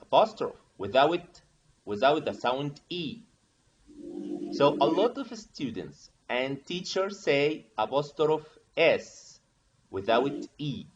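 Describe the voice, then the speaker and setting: Slow, lively-pitched male teacher. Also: muffled recording, slight background noise. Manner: explains step by step, often checks with "okay?". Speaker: teacher trainer. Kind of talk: online training lesson.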